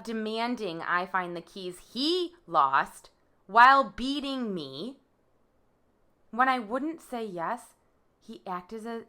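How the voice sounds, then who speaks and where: A woman reading her court impact statement aloud, measured and halting, stressing the quoted words. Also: fairly low pitch, pushed and bright. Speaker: victim giving a statement.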